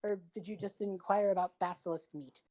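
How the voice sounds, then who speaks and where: A woman's voice: medium pitch, steady tone, a little fast, dark tone, natural voice. A woman voicing a flustered male conservationist who talks through a magic speaking stone, rambling and hesitant. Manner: rambling, hesitant, absent-minded.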